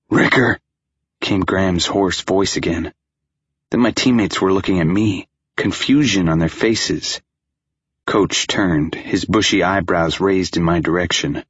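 A man narrating a first-person story as an audiobook, in a tense, anxious manner, voicing the dialogue quietly. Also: low-pitched, slightly rough, no echo, highs cut off.

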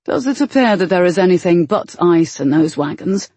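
A gruff, brooding man who speaks low and teasing in a storybook scene, as a woman narrator puts him on. The voice is husky and dark, with a dry, close sound. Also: animated, normal speed, no echo. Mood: wry.

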